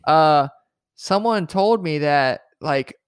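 A man's voice: a little high, expressive, takes it slowly, clear, resonant tone, no echo, studio quality. Earnest man co-hosting a faith podcast. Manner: earnest, conversational, says "man" and "right?" often. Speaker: podcast co-host. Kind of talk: casual faith discussion.

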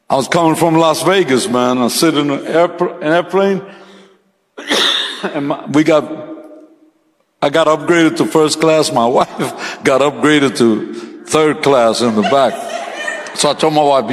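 Man, pastor, sermon, casual storytelling, laughs often, soaring high peaks, slightly high voice, echoing church hall. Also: unhurried, long pauses. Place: church sanctuary.

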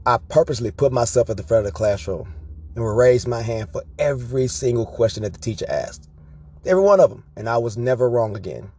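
A man telling personal stories to his viewers in an animated, profane, casual way, often checking in with "right?". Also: medium pitch, quick pace, breathy edge. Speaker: vlogger. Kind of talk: casual storytelling monologue.

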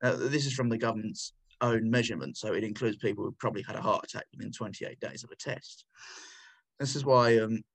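A man's voice: lowish voice, fairly quick, low-quality recording. A man contributing to a political commentary podcast, combative and sardonic, often stumbling and restarting his sentences.

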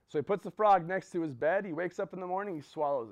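A man's voice: high-pitched, expressive, fast talker, hardly any pauses, dull audio. A man giving a motivational talk to a group, telling a story and checking in with "right?" and "okay?". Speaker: motivational speaker.

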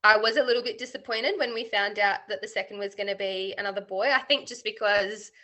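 An Australian woman in her thirties talks openly as an interview guest. Her voice is bright and forward, and her speech is loose and chatty, full of fillers. She sits at a middle pitch. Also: steady tone, fast talker. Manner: chatty, warm and candid, with many fillers. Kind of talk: casual interview chat.

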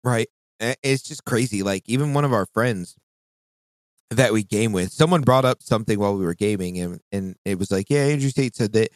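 A man co-hosting a podcast in casual chat, animated and profane, often jumping into mock voices. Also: moderate pace, dry recording. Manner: animated, swearing, mimics voices with big pitch jumps. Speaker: podcast co-host.

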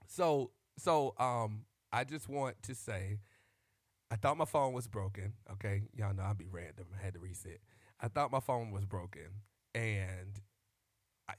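A man vlogging into a close microphone, joking and riffing like a preacher, animated and shouting at times and calling out to y'all. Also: mid-range voice, no echo. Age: adult. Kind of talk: comic monologue with preacher-style riffs.

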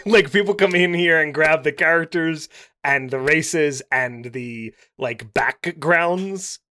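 A man in his thirties co-hosting a casual chat about tabletop games, animated, often laughing and bursting into loud play-acting. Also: fairly high pitch, slow pace, a little hiss or hum. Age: 30s. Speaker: podcast co-host.

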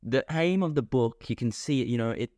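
A man's voice: mid-range voice, brisk, darkish tone, dry recording, studio quality. A young man co-hosting a podcast, joking and rambling in casual chat. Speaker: podcast co-host. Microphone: podcast mic.

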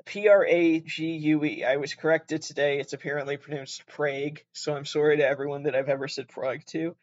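A man's voice: on the high side, steady tone, a little fast, muffled recording. A young man from Canada with a Canadian accent, hosting a podcast in a casual, rambling way, swearing a lot and often correcting himself. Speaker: podcast host. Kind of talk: casual solo podcast chat.

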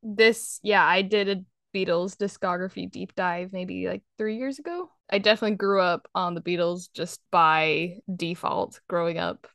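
A young woman co-hosting a casual music chat, relaxed and thoughtful, announcing each track. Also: fairly low pitch, normal speed, hardly any pauses, dry recording, studio quality. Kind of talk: casual chat reviewing songs.

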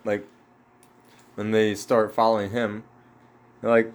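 A slightly low-voiced man leads a relaxed group Bible study. He talks in a loose, slangy way, full of "like" and "you know." His tone stays easygoing and conversational. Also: measured pace. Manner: laid-back, slangy, says "like" often. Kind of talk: casual group discussion.

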